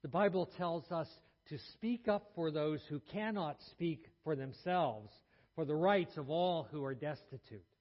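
A man's voice: on the high side, a little slow. A man preaching a sermon, telling a story earnestly and often restarting his words. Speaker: pastor. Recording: muffled sound in a reverberant hall.

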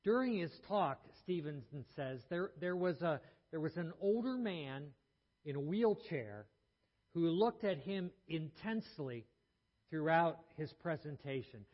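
Male pastor, earnest sermon delivery, slightly higher voice, dull recording. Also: lively intonation, a little slow. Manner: earnest storytelling with frequent restarts. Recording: muffled sound in a reverberant hall.

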